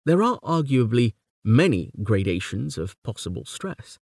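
A man giving a scripted lecture on poetic meter, reading quoted verse slowly and rhythmically. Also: mid-range voice, sing-song, a little mellow, dry recording, studio quality. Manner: measured, reads poem quotes slowly and rhythmically. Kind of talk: scripted academic narration.

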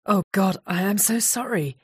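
A woman voicing a flustered, apologetic man who stammers and rushes his words in an audiobook. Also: medium pitch, husky, dry recording, studio quality, voice pushed up.

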